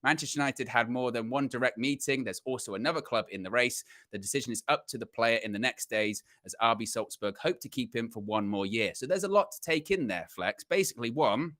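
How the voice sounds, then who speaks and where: Man, co-host, bright and forceful tone, dry close call audio, reads news with a joke or two. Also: mid-range voice, fairly quick, few pauses, no room sound. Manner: reads transcript news, jokey. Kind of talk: casual fan podcast chat. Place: home, sirens outside.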